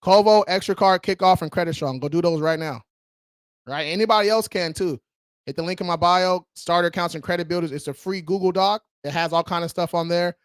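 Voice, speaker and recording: A man's voice: sits high, fairly quick, clear, resonant tone, no echo, clean studio sound. A man hosting a casual livestream, talking in a slangy, hyped-up way and calling viewers bro. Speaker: credit repair livestream host.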